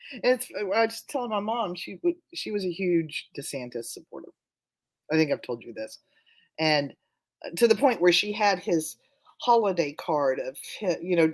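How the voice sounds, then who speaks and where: A middle-aged guest in a casual chat, telling personal family stories in a candid, wry way and swearing now and then. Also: female voice, on the low side.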